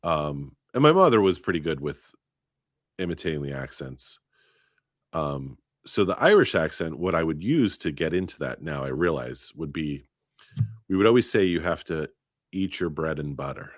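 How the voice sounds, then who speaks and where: Male podcast co-host, deep and lively storyteller, dry close sound. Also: normal speed, no echo. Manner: storytelling, animated. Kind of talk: casual chat.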